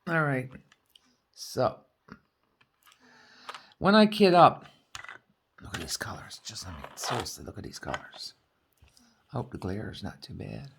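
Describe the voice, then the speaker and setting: A woman's voice: rumbling low, huge pitch swings, a little slow, vocal fry, pauses often, a little hiss or hum. A woman from Newfoundland with a Newfoundland accent, chatting casually with her viewers while crafting at home and laughing often. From Newfoundland, Canada. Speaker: crafting vlogger.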